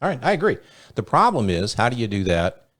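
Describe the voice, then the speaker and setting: A man's voice: mid-range voice, big pitch swings, fairly quick, a bit bright. A man hosting a casual podcast chat, telling stories in a rambling, profane way. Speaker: podcast host.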